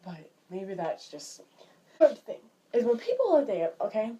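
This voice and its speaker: A woman's voice: medium pitch, wildly swooping pitch, normal speed, warm tone. A woman vlogging in a casual, chatty way, sounding exasperated and filling her talk with "like". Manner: chatty, exasperated, filler-heavy with "like". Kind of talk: casual vlog chat.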